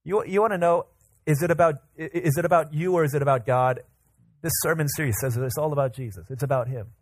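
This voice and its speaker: A man preaching a casual, energetic sermon to a congregation, often repeating and restarting words as he tells everyday examples. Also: fairly high pitch, quick pace, no echo. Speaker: pastor. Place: church service with congregation.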